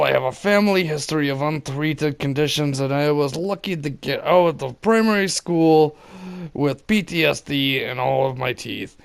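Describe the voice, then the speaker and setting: A man reads a story aloud in a slightly high, gravelly voice. He drops in wry asides between passages, and when the story calls for it he shouts the lines out. It sounds like casual reading at home, not a polished production. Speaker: reader of online stories.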